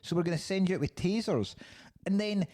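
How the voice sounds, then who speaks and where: A man's voice: high-pitched, brisk, dark tone. A man hosting a podcast, chatting casually about a film in a sweary, incredulous way. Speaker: podcast host. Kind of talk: casual film-review chat.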